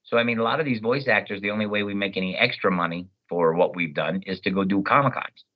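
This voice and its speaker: Animated male voice actor telling stories. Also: lowish voice, fast, lo-fi sound. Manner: animated, storytelling, jumps into character voices. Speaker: voice actor guest. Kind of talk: casual interview chat.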